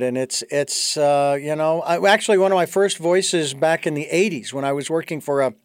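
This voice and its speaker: American guy hosting, kinda high voice, folksy and halting, dry mic. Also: no echo. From United States. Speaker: radio show host. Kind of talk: interview conversation.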